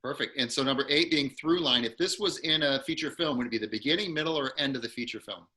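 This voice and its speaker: A man teaching an online acting class, quickly and encouragingly walking a student through numbered steps over a video call. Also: mid-range voice, sharp tone. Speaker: acting coach.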